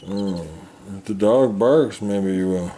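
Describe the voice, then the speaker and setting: A man keeping pet birds, cooing at them in soft baby talk and often dropping to a hush in a casual vlog. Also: fairly low pitch, slow, slight background noise. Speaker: pet bird keeper.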